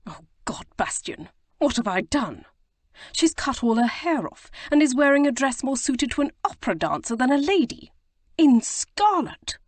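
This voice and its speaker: A woman reading an audiobook, voicing an agitated, guilt-stricken young gentleman who bursts into exclamations. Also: medium pitch, very animated, moderate pace, dry recording, pitched above the performer's own voice. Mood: distraught. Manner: distraught, exclamatory outbursts. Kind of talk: audiobook character voice.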